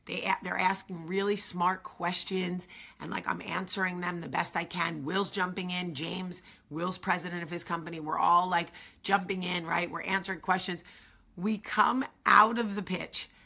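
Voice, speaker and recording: Gravelly, bright-voiced woman host telling a story. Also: lowish voice, normal speed. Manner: animated, chatty, swears freely, addresses viewers directly. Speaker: vlog host. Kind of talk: casual storytelling to camera.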